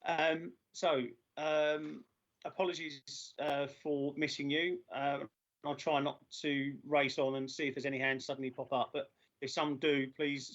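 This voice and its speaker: A man chairing a formal council meeting over a video call, halting with many filler sounds and losing his voice. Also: fairly high pitch. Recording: dull lo-fi video call audio.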